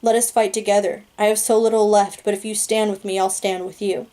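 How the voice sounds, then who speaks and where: A woman gives voice to a teenage boy hero, earnest and pleading in a storybook telling. The tone is mellow and dark, and the pitch stays flat. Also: brisk, close to an everyday voice.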